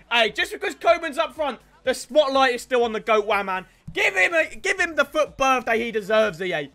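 A young man giving excited gameplay commentary, breaking into sudden shouts and repeating catchphrases. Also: high voice, normal speed, soft background music. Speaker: gaming YouTuber.

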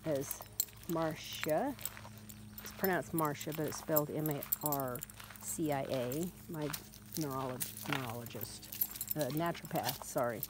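A woman's voice: very deep voice, normal speed, noisy background. A woman who breeds dogs, chatting casually as she walks a puppy outdoors, coaxing it along as she talks. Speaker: dog breeder. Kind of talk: casual vlog while walking a puppy. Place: outdoors on a rural road.

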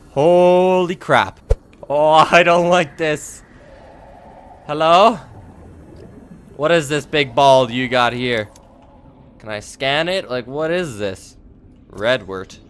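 A man giving let's play commentary, excitable and quick to yelp, talking straight to his viewers. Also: mid-range voice. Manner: excitable, yelps and jumpy outbursts, addresses viewers. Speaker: gaming video creator.

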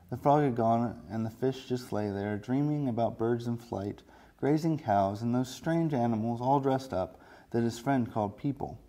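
A man, a children's librarian, reading a picture book aloud in a slow, gentle storytelling way. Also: mid-range voice.

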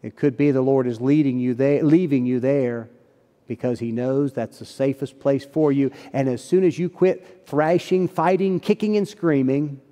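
A man's voice: mid-range voice, mellow. A man preaching a sermon as pastor, telling a story in earnest, folksy phrasing. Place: church sanctuary. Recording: long church hall reverb.

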